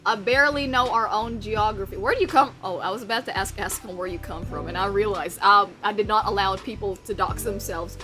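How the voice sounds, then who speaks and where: A woman's voice: mid-range voice, fairly quick, hardly any pauses, over music. A young woman streamer from the United States chatting casually with her live chat, bubbly, rambling and swearing as she mocks herself.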